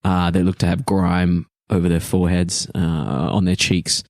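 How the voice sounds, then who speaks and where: Low-voiced man describing a scene. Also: level tone, darkish tone, dry recording, clean studio sound. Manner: slow, filler-heavy description. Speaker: game master describing the scene.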